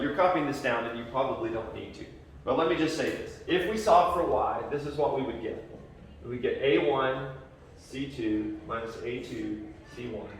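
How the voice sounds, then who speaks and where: A man's voice: mid-range voice, a little hiss or hum. A male math teacher lecturing a class in a joking, conversational way, often checking in with his students. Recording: echoey classroom from far off.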